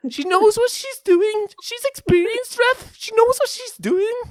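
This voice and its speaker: A man putting on a shrill Liverpool woman's voice in a squeaky falsetto, vouching for a referee. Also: a little slow, no room sound. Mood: insistent. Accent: Liverpool, as put on.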